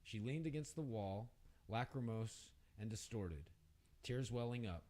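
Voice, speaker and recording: A man's voice: animated, measured pace, mellow. A man reading a short story aloud on a radio show, lifting his voice for the women's lines. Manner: reads aloud, raises pitch for the women's lines. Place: radio studio.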